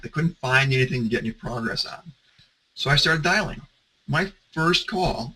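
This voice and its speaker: Male consultant with a bright, sharp voice, talking through examples in a conversational style. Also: medium pitch, slightly rough, rough recording. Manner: conversational storytelling, some restarts. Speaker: security consultant. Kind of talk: presentation talk.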